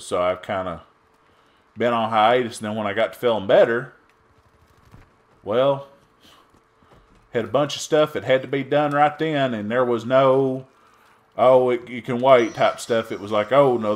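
Middle-aged Texan man, casual gameplay commentator, rambling and chatty with loud bursts, average pitch. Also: normal speed. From Texas. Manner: chatty and rambling, with sudden loud outbursts and trash talk at opponents. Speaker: gaming YouTuber.

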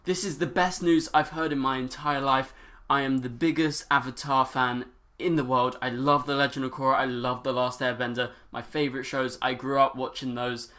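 A seventeen-year-old man hosts his own reaction vlog, gushing with overexcited energy. His voice sits in an ordinary middle pitch, and his words tumble out breathlessly. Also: level tone, moderate pace, sharp tone. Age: teenager, 17. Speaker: YouTuber.

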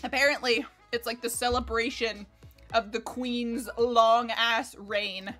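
A young American woman streaming a game in casual chat, excitable, swearing freely and laughing often. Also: a little high, slow. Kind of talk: casual livestream gameplay chat. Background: faint game music.

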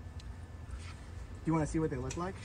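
A man making a cooking video, speaking calmly, politely and accommodatingly. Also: on the high side, unhurried, noisy background.

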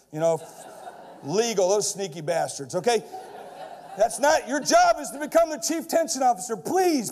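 Middle-aged man with a very high voice, brash stage speaker who builds to shouted punchlines. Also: a little hiss or hum. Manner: keeps checking in with the crowd with "okay?". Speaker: keynote speaker. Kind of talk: energetic stage keynote. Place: large lecture hall before a live audience.

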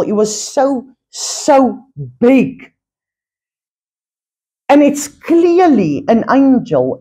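A woman giving an informal Bible teaching, earnest and animated, telling stories and laughing at times. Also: mid-range voice, slightly rough.

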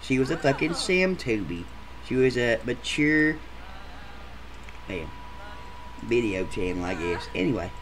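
A man's voice: mid-range voice, sing-song, a little slow, long pauses, slight background noise. A man voicing a crude, rowdy adult male gameshow contestant who rambles through a profane story in a comedic machinima. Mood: ranting.

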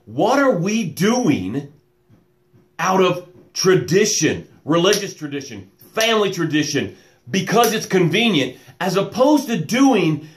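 A man hosting a live motivational stream, welcoming viewers by name and guiding slow breaths. He calls himself loud and boisterous. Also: on the high side. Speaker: motivational coach and show host. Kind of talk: live-stream pep talk with guided breathing.

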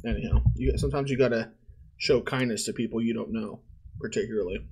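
A husky-voiced man hosts a podcast in a loose, rambling way. He fills his stories with slang and laughs as he goes. His pitch sits in an ordinary middle range. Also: quick pace, mellow. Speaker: podcast host. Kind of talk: casual chat.

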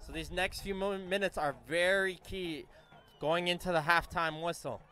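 A man giving live play-by-play commentary on a youth soccer match, brisk and correcting himself on names as play moves. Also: high voice, fairly even intonation, pushed and bright.

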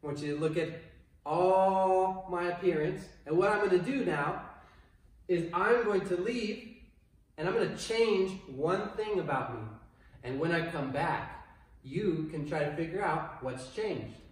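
High-voiced PE coach in an echoey room. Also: male voice, distant mic. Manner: slow, clear and encouraging, with playful exclamations. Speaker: kindergarten PE coach. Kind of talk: online PE lesson for children.

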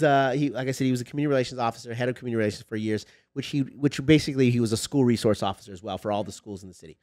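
Man, casual storyteller, mid pitch, dry close mic. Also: no echo. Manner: animated storyteller, acts out quoted dialogue with rising pitch. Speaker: sports lawyer podcast guest.

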